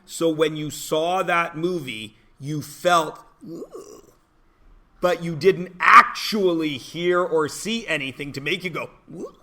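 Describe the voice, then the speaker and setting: A forty-something man with a fairly high, bright, forceful voice teaches a high school math class. He lectures in a chatty way, cracking jokes with his students in the classroom.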